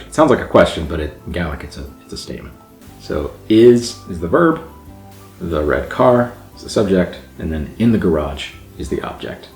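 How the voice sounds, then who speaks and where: A man hosting a language channel who explains grammar casually and sounds out example words slowly. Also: sits low, expressive, darkish tone. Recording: echoey room with faint background music.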